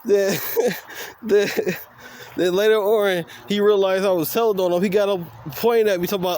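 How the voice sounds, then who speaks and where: A man's voice: high voice, fairly even intonation, moderate pace, darkish tone, a little hiss or hum. A man vlogging, telling a story in a casual monologue. He is profane and blunt, laughs often, and acts out the quoted dialogue.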